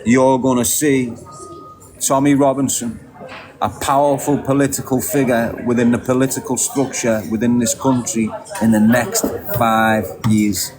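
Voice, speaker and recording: A middle-aged Liverpool man rants emphatically as a podcast guest, speaking a little slowly and flatly in a mid-range voice. He repeats himself and laughs briefly, over crowd noise on a rough recording.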